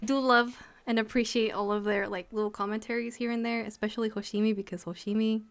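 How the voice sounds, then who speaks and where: A young woman co-hosting an anime review, chatting casually and excitedly with many fillers. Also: on the high side, fast. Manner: excited, swearing, filler-heavy fan talk. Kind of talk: casual chat.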